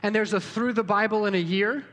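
High-voiced pastor preaching in a reverberant hall. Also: male voice, a little fast. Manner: casual, encouraging, talks straight to the congregation. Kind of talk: sermon with closing prayer. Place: church sanctuary. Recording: reverberant church hall with soft music.

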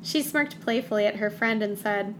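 A woman co-hosting a podcast, recapping a book in casual chat with sarcastic asides and quick character voices. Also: medium pitch, a bit bright, a little hiss or hum.

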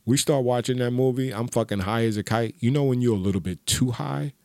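A man's voice: medium pitch, a little fast, dry recording. A man hosting a podcast, telling casual, profane stories with lots of laughter. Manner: profane, laughing, animated storyteller. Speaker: podcast host. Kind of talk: casual solo storytelling.

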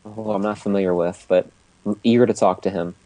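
A man co-hosts a live-streamed chat in a somewhat low voice. He speaks in a relaxed, matter-of-fact way, and a keyboard clacks behind him. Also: a little fast. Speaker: podcast co-host.

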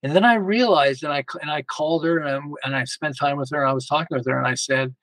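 A man's voice: on the high side, fast talker, no echo, low-quality recording. An older man, a podcast guest, telling casual family stories and acting out bits of dialogue with a chuckle. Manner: animated, acts out family dialogue, chuckles often. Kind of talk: casual interview storytelling.

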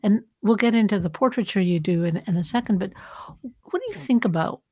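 A woman hosting an interview, reading a measured scripted introduction and asking questions. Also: mid-range voice, darkish tone, breathy edge, dry recording. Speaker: podcast host.

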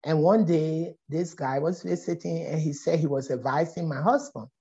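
A woman's voice: sits low, normal speed. A middle-aged woman from Liberia with a Liberian accent, a poet telling a story as a guest in a conversation and acting out the voices in it. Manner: animated, acts out voices in her stories. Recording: dull lo-fi audio.

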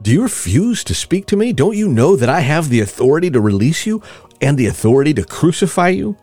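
A man's voice: a little high, sing-song, a little fast, darkish tone, dry recording, faint music behind, voice pushed up. A man reading aloud the lines of a Roman governor, uneasy and pressing, in a rising, questioning delivery.

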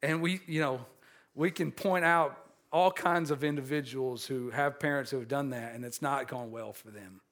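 With a mid-range voice at normal speed, the pastor relates a personal story in his sermon. It comes out with frequent restarts and repeated words, alternating animated and quiet, earnest moments.

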